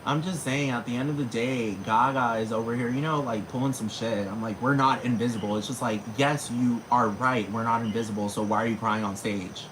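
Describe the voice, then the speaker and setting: A man's voice: medium pitch, steady tone, a little fast, few pauses, background noise. A man ranting casually to camera, slangy and profane, with sudden dramatic jumps in his voice. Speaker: vlogger.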